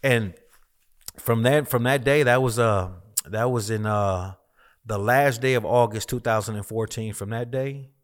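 A man's voice: mid-range voice, a little slow. A man, a minister, telling his personal testimony as a guest in a conversation, emphatic and repetitive as he tells the story.

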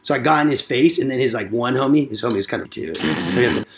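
A man tells a wild story among friends at a quick clip. He swears freely and jumps into the voices of the people in it. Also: mid-range voice, slight background noise. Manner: profane, animated storyteller.

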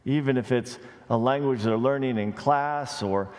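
A man's voice: mid-range voice, moderate pace, a little mellow. Preaching man in a reverberant hall. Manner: conversational asides with light humor. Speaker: pastor. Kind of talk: sermon. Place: church sanctuary. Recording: long reverb of a large hall.

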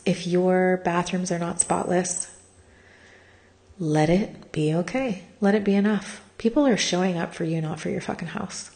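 In a darkish voice on the low side, a middle-aged woman opens up in a raw, confessional vlog about something personal. She is blunt and swears freely, sounds drained from crying, and laughs through the pain, now and then lowering to a whisper.

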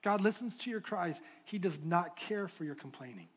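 High-voiced impassioned man preaching. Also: lively intonation, moderate pace, slightly rough. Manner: impassioned preaching, shifting to soft prayerful tones. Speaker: pastor. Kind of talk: sermon. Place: church sanctuary.

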